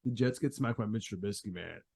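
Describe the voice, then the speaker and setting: A young man, co-hosting a sports podcast and venting in exasperated, animated chat. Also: fairly low pitch, brisk, vocal fry, breathy edge. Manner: exasperated, animated storytelling with laughs. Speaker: podcast co-host.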